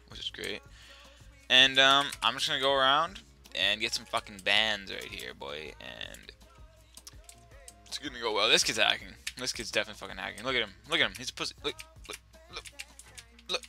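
A young man giving profane, excitable commentary while playing as a server admin, often repeating himself. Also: lowish voice, brisk, creaky, long pauses, soft background music. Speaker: Minecraft server admin streamer. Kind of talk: gameplay commentary while recording.

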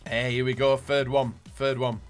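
A man giving gaming commentary as he opens packs, excitable, dropping to low muttering and then bursting into shouts. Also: normal speed, faint music behind. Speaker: gaming YouTuber. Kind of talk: pack-opening gaming commentary.

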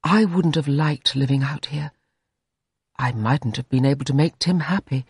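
A reader voicing a young wife torn between her husbands, speaking in a high, breathless, pleading way. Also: normal speed, darkish tone, husky, dry recording, studio quality. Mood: musing.

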